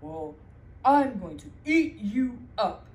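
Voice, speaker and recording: A woman voicing a grumpy troll under a bridge, slow and menacing, in a roomy echo. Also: on the high side, sing-song, a little mellow.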